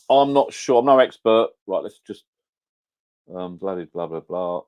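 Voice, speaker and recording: A man's voice: deep voice, expressive, measured pace, a little mellow, clean tone. A middle-aged man chatting casually on a live stream, rambling and correcting himself. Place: at home by a whiskey shelf. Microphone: camera on a home setup.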